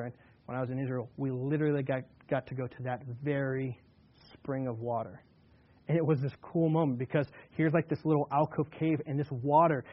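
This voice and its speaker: A male pastor preaching a sermon in a relaxed, conversational way, slowing down to read scripture aloud with emphasis. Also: mid-range voice, phone-quality sound.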